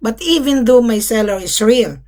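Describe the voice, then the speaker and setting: A woman's voice: a little high, animated, normal speed, darkish tone. A woman who works as a business facilitator, speaking straight to buyers and sellers in blunt, emphatic phrases, scolding them and repeating her points. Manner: talks in short, blunt phrases. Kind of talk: direct-to-camera business pitch.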